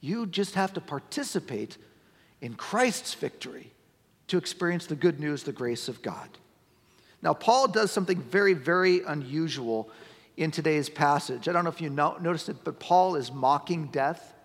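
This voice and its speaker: A middle-aged man preaching a sermon as pastor, talking conversationally and building to emphatic, near-shouted points. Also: a little high, animated, normal speed, slightly rough. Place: church sanctuary. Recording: long church-hall reverb.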